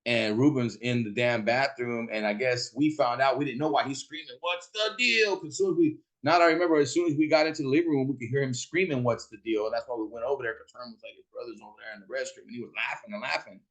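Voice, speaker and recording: A man in a casual talk show recalls wild nights with friends in a loose, profane storytelling voice. His pitch sits in an ordinary middle range, and he acts out his friends' lines as he goes. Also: steady tone, fast talker, hardly any pauses. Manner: profane, laughing, acts out quotes in a shouting high voice. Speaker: podcast host.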